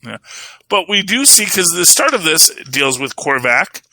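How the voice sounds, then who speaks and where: A man's voice: on the high side, sing-song, unhurried, bright, forceful tone, no echo, low-quality recording. A man co-hosting a podcast, talking comics in a rambling, casual way full of "you know" and "um". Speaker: podcast co-host. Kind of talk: casual chat about comics.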